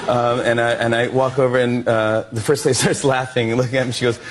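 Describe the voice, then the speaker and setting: A man's voice: mid-range voice, moderate pace. Sheepish man telling a rambling story. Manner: sheepish, rambling, full of fillers and laughs. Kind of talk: telling a personal anecdote. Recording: crowd and room noise behind.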